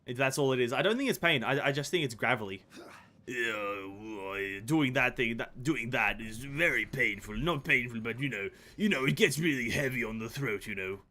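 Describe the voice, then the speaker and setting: A man streaming a game, joking and swearing, his throat sore and gravelly. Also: medium pitch, lively intonation, normal speed, sharp tone. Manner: joking, swearing, puts on a mock posh British voice. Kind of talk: casual gameplay commentary.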